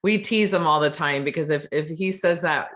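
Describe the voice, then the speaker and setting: A podcast host in casual interview chat, chatty and animated, often restarting words mid-sentence. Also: mid-range voice, normal speed.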